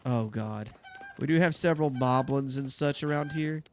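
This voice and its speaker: A man's voice: mid-range voice, moderate pace, slight background noise. A young man hosting a gaming channel, chatting casually to his viewers as he plays. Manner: chatty, talks to viewers while playing. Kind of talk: casual gameplay commentary.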